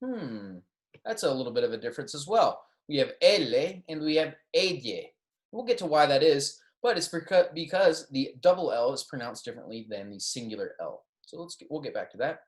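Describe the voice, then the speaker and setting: Male language teacher, patient lecture delivery, mid-pitched, models words slowly. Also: animated, roomy sound. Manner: patient, modeling pronunciation slowly, self-correcting. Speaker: Spanish instructor. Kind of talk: recorded classroom lecture.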